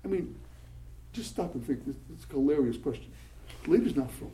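The audio is poor as a male rabbi with a fairly high pitch speaks briskly to yeshiva students. His talk is animated and story-filled, peppered with Hebrew and Yiddish words in English, and he repeats himself when excited.

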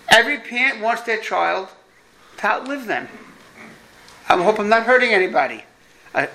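A man's voice: high voice, sharp tone, rough recording. A man from New York with a New York accent, giving a parenting lecture to an audience, emphatic and repeating his key points, with jokey asides.

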